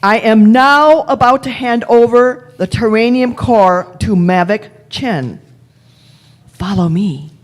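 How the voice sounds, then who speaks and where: A wily time traveller , voiced by a woman, speaks with imperious, deliberate authority and leans on every phrase. It is a live fan radio play. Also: fairly low pitch, expressive, darkish tone. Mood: commanding. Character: wily elderly female time traveller, the Doctor.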